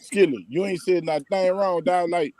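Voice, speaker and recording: A man's voice: sits high, normal speed, a little mellow. An older man joining a casual live-streamed chat as a guest, rowdy and joking and swearing freely, over a video call.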